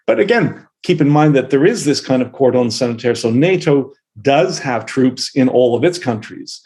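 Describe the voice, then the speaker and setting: Middle-aged canadian prof guy, blunt and outspoken, average pitch, talks in long runs. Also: darkish tone. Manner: blunt, outspoken, vivid storyteller. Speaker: professor guest. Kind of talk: interview answers.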